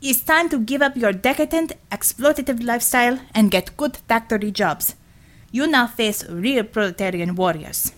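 A woman's voice: a little high, normal speed, lightly acted. A woman putting on a scornful Soviet superheroine. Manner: scornful, declaiming. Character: fierce commanding female Soviet superhero leader.

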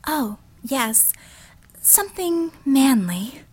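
Flustered prim female officer, hushed, hesitant, audiobook character, woman narrating. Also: sits high, very animated, extremely slow, voice pushed up, heavily acted.

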